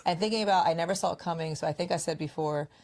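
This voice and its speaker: Low-voiced woman podcast host. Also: rapid-fire, slight background noise. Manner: animated storyteller, acts out quoted friends. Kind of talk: casual conversational podcast chat.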